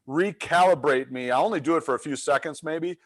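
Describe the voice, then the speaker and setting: Animated storytelling man, fairly high voice. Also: a little fast. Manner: animated storyteller, acts out quotes. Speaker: leadership coach. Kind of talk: webinar storytelling.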